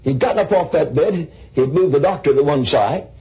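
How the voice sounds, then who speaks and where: An older male preacher telling a story in a sermon, animated and often repeating words. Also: a little high, a little fast, low-quality recording.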